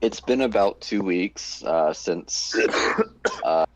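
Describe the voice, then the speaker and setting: A man narrating as game master for a tabletop game, halting and full of fillers and restarts. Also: low-pitched, expressive, muffled recording, background noise.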